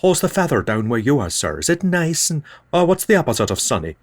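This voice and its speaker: A man playing a zany, unhinged oddball whose invented accent bounces all over the place in pitch. He rattles from one absurd boast to the next, on a comedy podcast. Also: very animated, a little fast. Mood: manic. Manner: zany, rambling, jumping between topics.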